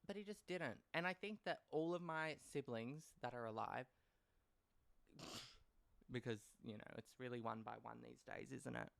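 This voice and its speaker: A man's voice: medium pitch, vocal fry, fairly bright tone, clear, resonant tone, dry recording. A young man, hosting a casual storytelling podcast in a blunt, profane and rambling way. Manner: blunt and profane, swears freely; wry and rambling, trails off into asides. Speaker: podcast host.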